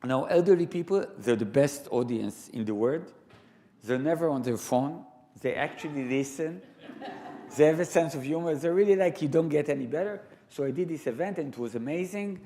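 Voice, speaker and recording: A man with an Israeli accent telling stories live to an audience in a large sanctuary, animated and full of laughing asides. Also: a little high, moderate pace. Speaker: storyteller guest. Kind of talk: live storytelling talk.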